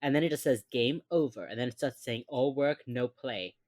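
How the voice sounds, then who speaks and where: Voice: mid-range voice, moderate pace, no echo, clean studio sound. A podcast co-host in casual chat, retelling a TV episode scene by scene and acting out the characters' lines. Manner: animated storyteller who acts out the characters' lines.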